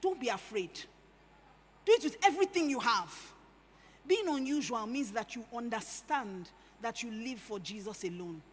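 High-voiced woman preaching in an echoey hall. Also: moderate pace, a little hiss or hum. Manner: animated, swings between hushed and loud emphatic. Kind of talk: sermon. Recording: echoey hall with faint ambience.

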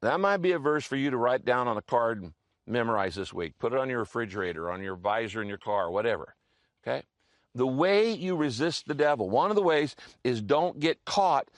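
A man's voice: medium pitch, expressive, normal speed, no echo. A man preaching a sermon in a conversational teaching manner, often repeating himself and checking in with his listeners. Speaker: pastor.

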